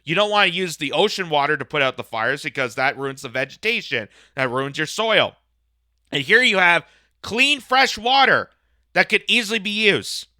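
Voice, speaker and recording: Man, sarcastic ranting commentary host, very bright and clear voice, dry close recording. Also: on the high side, very animated, moderate pace, no room sound. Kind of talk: political reaction commentary.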